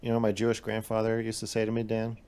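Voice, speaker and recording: A man's voice: on the low side, completely flat delivery, quick pace, over a noisy crowd. A man speaking in a hedging, thoughtful way in a casual stream debate.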